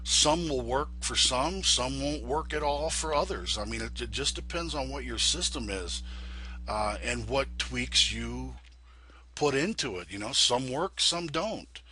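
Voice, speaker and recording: A man's voice: mid-range voice, animated, a little slow, bright, forceful tone, a little hiss or hum. A man with a sinus infection, sounding congested, talking casually and rambling through a flight sim tutorial with many restarts. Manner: rambling, restarts often, folksy. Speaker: flight sim video host.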